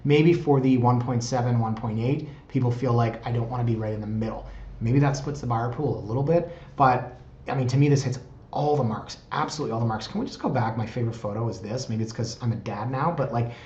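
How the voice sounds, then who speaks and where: A man's voice: medium pitch, a little mellow. A man in his thirties, a real estate agent chatting enthusiastically about house listings in a casual vlog. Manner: chatty and enthusiastic, tags lines with "right?". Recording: roomy, slightly dull recording.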